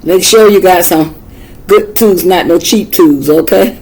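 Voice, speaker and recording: A woman's voice: on the low side, a little slow, a little mellow, poor audio. An older woman with a Southern US accent giving a casual, folksy how-to demonstration, chatting and repeating herself as she works. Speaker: craft tutor.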